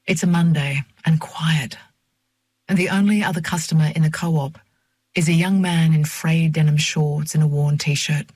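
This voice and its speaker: A woman narrating a first-person novel in a measured, reflective reading voice on a close mic. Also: deep voice, steady tone, darkish tone, husky, no echo. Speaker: audiobook narrator.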